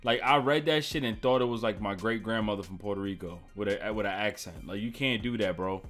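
A man's voice: on the low side, fairly quick, fairly bright tone. A man hosting a reaction video, commenting in a loose, joking way with plenty of swearing. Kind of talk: casual commentary.

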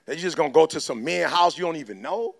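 A man's voice: on the high side, lively intonation, fast, vocal fry. A man giving a fiery motivational speech, lecturing his listeners in slangy street talk. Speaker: motivational speaker.

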